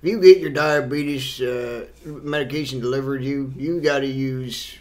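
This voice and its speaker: A man imitating an old ad pitchman. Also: fairly even intonation, a little slow, darkish tone, natural voice. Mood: folksy.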